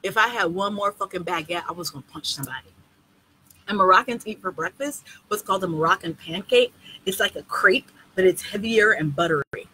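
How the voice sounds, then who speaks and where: Brash woman tour organizer, foul-mouthed and lively, bright voice, faint background noise. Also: mid-range voice, brisk, rough recording. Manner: blunt, profane and animated. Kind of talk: casual live video Q&A.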